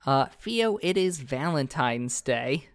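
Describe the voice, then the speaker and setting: A young man hosts and runs a tabletop game, narrating scenes in a loose, easygoing way with plenty of fillers. His voice sits at a middle pitch. The recording is close and dry, with no room sound. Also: lively intonation, slow pace, no room sound. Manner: casual, loose, with fillers and restarts. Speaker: game master.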